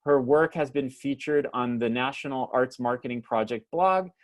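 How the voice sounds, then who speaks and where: Guy hosting a video call webinar, average pitch, lots of uhs and ums. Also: moderate pace. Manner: hesitant, many uh and um fillers, stumbles on names. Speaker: host and moderator of a webinar. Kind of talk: live webinar introduction.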